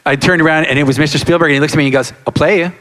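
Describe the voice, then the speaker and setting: A man in his sixties, a guest on a live convention panel, telling lively anecdotes and acting out quotes and sound effects. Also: a little high, very fast. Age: 60s. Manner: animated storyteller, acts out quotes and sound effects. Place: large hall with live audience. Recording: reverberant hall.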